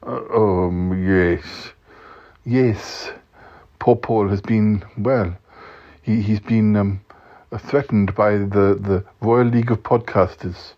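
A man's voice: lowish voice, steady tone, slow, warm tone. Man doing a stammering, dithering yeti uncle. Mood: hesitant. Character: timid, fussy male yeti uncle. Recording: dull lo-fi recording.

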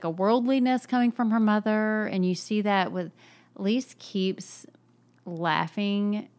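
Low-pitched chatty woman. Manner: chatty, acts out quoted characters. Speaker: podcast co-host. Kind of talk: casual book discussion.

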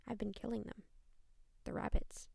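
A woman voicing a bitter, angry teenage girl who smokes, speaking bluntly in a gravelly voice. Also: moderate pace, warm tone, no room sound, lightly acted.

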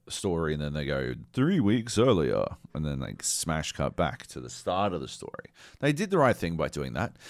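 A man co-hosting a podcast, ranting in a sweary, animated way during casual banter. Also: low voice, no echo, clean studio sound. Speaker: podcast co-host.

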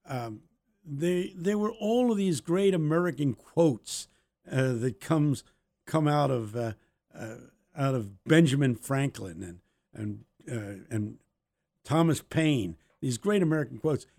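A man's voice: mid-range voice, expressive, slow pace, creaky, a little mellow. A man co-hosting a podcast, telling anecdotes in a casual faith discussion. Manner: anecdotal storyteller. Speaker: podcast co-host.

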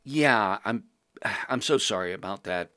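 A man playing a pompous, social-climbing young male journalist with affected, genteel high-society phrasing. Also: lively intonation, measured pace, sharp tone, no echo, studio quality. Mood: smoothing over. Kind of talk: podcast role-play.

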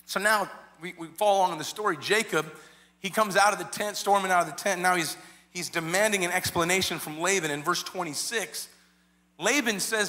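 A man's voice: high-pitched, fairly quick. A man preaching a sermon, retelling a story animatedly with many repeated words and restarts. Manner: animated storyteller, acts out quoted voices. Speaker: pastor.

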